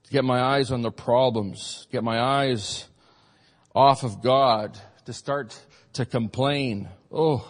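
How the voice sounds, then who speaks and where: A man preaching a sermon as pastor, rising to loud peaks and dropping to quiet asides. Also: mid-range voice, slow. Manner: preaching, swings from shouted peaks to soft asides. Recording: long hall reverb.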